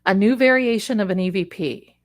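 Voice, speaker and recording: A woman's voice: mid-range voice, fairly quick. Chatty woman psychic hosting a livestream. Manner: chatty, rambling, calls viewers "my darlings". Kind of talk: casual live-stream chat.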